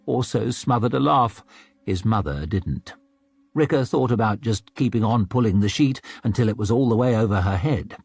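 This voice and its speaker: A male narrator reading a fantasy audiobook with animated, expressive delivery. His voice is husky and mid-pitched, close to the mic in a dry recording. Faint music plays underneath. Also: normal speed, dry recording. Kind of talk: scripted narration.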